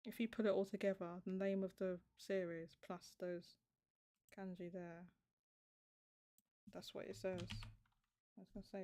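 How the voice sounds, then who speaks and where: A woman hosting a casual livestream chat, thinking aloud with halting restarts as she works something out. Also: mid-range voice, little pitch movement, mellow. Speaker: show host.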